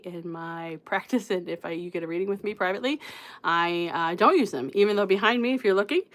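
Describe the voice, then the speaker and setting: A woman's voice: fairly low pitch, fairly bright tone, clear, resonant tone. A woman in her thirties hosting a psychic reading livestream, greeting viewers by name in casual chat and laughing often. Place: home room with card decks on shelves behind.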